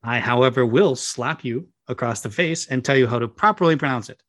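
A man's voice: medium pitch, a little fast, fairly bright tone. A man on an emphatic, sardonic rant, his exasperation spilling into casual podcast talk. He hits his points hard and dryly.

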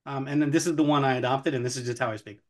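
A man co-hosting a podcast in a relaxed, conversational voice. He jokes wryly and swears freely. He is from Memphis. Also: medium pitch, racing. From Memphis, Tennessee, USA. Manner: wry, joking, swears freely. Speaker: podcast co-host. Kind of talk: casual chat.

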